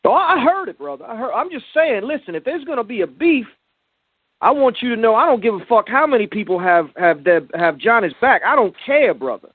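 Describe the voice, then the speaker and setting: A man's voice: extremely high pitch, sing-song, fairly quick, husky, no echo. A man calling in to a talk show, talking brash, slangy and boastful. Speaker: caller. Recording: tinny phone line.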